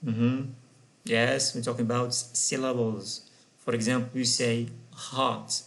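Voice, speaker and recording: A man's voice: mid-range voice, level tone, creaky, a bit bright. Patient man teaching English grammar. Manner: patient, repeats example words slowly. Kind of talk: recorded grammar lesson.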